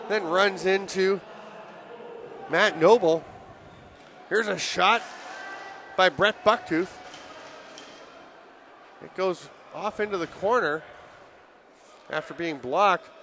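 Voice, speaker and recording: A man calling live lacrosse play-by-play in rapid, excitable bursts that rise on goals, his voice worn and giving out. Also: high voice, slight background noise. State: voice giving out, throat clearing. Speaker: play-by-play commentator.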